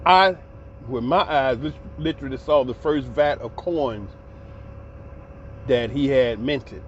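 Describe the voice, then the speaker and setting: A man's voice: medium pitch, slow, slight background noise. A man giving passionate, profane, heated commentary in a ranting vlog. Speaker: commentary vlogger. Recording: slightly dull lo-fi recording.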